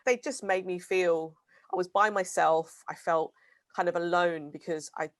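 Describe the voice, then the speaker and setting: Low-voiced British woman, hesitant. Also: steady tone, measured pace, no echo. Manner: hesitant, full of "sort of" and "kind of". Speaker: co-host. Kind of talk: casual discussion.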